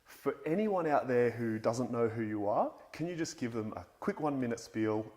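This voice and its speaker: A man's voice: medium pitch, lively intonation, normal speed, a little mellow. A man hosting an interview show, opening it and introducing his guest in an eager, upbeat presenter manner. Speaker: host.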